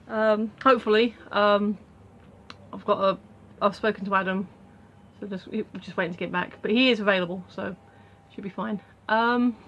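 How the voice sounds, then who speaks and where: A woman's voice: mid-range voice, a bit bright. Rambling British woman vlogging. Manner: rambling with many ums and restarts. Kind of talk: casual chat to camera.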